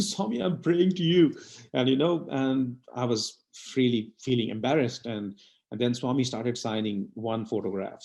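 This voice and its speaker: A middle-aged man from India telling a personal devotional story at a satsang in an earnest, halting way with many fillers. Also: mid-range voice, darkish tone. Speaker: satsang speaker.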